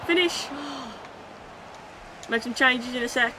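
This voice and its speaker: A woman livestreaming a football video game, chatting with her viewers and shouting at the match as it plays out. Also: high voice, very slow, background noise. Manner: excitable, shouts at the game, then chats casually. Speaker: gaming streamer. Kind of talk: live game commentary and chat reading.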